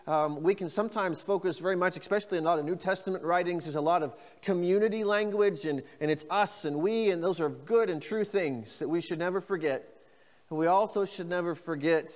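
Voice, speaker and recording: A man preaching a sermon as pastor, reading scripture phrases slowly and inviting the congregation to repeat them. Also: high voice, in a large hall. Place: church.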